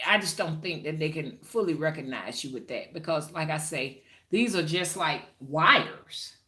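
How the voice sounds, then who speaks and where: A woman's voice: low voice, sharp tone, reverberant. A woman hosting a spiritual livestream, talking casually and preachily to her viewers and greeting them by name.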